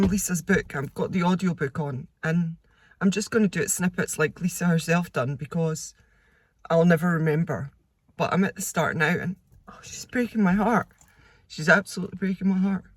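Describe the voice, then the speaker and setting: A woman's voice: fairly low pitch, moderate pace, dry recording. A woman reviewing a book in a casual vlog. She talks in an effusive, emotional way with many fillers. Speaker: vlogger.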